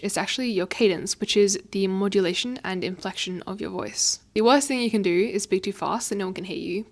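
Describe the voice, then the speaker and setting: A young woman hosting her own podcast at home, talking fast and expressively with frequent laughs and a slight stutter now and then. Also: mid-range voice. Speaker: podcast host. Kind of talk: casual advice monologue. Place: home, indoors. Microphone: facing own camera.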